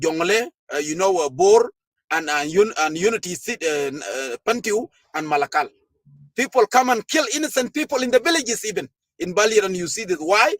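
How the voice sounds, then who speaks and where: High-voiced man, fervent speech. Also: expressive, normal speed, fairly bright tone, no echo. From South Sudan. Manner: fervent, rhetorical questions, frequent hesitations. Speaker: political party official. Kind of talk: impassioned political speech to a gathering.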